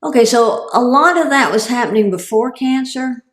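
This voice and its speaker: A woman's voice: a little high, expressive, normal speed, a bit bright, roomy sound. A woman giving a humorous, self-deprecating talk as a guest speaker and cancer survivor. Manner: comic, self-deprecating delivery.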